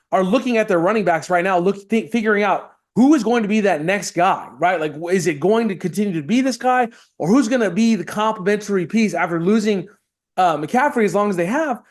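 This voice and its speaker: Guy with a high voice breaking down football games, animated, asks himself questions and answers them. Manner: animated, quick bursts, rhetorical questions. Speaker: podcast co-host. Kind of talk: casual sports chat.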